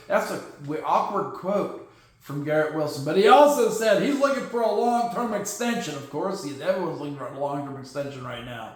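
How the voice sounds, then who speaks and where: A man's voice: a little high, expressive, a little fast. A man hosting a casual solo sports podcast in a jokey, goofy manner. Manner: jokey and goofy, with shouted catchphrases. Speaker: podcast host. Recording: very echoey room.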